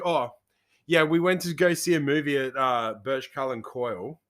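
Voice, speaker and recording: A man's voice: mid-range voice, normal speed, fairly bright tone. A young man with an Australian accent hosting a podcast, swearing constantly and laughing through crude casual banter. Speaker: podcast host.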